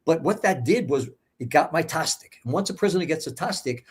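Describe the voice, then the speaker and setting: A man's voice: a little high, lively intonation, brisk, husky. A man in his seventies, a guest in a casual interview, telling his story bluntly and swearing for emphasis. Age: 70s.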